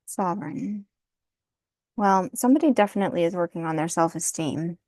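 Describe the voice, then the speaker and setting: A woman gives a casual tarot card reading, thinking out loud and often laughing and apologizing. Her voice is fairly low with a darkish tone at normal speed, recorded without echo.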